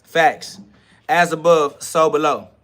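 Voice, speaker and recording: A man hosts a livestream rant. His voice sits a bit high and sounds tense and forceful, and he talks in a confrontational, preachy way, full of profanity. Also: steady tone, slow. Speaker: podcast host. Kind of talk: livestream self-talk rant.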